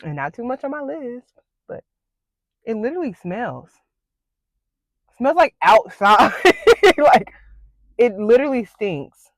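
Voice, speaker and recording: A woman's voice: fairly high pitch, very animated, slow, pauses often, a little hiss or hum. A young woman vlogging to camera, panicky and squealing, with nervous laughs and plenty of "like" and "y'all". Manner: says "like" and "y'all" a lot. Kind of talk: casual to-camera vlog.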